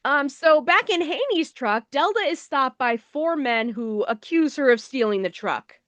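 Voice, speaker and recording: A woman's voice: sits high, expressive, measured pace, a bit bright, no room sound. A woman co-hosting a movie review show, recapping the plot in a casual, wry, sarcastic way. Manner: sarcastic, wry, swears offhandedly.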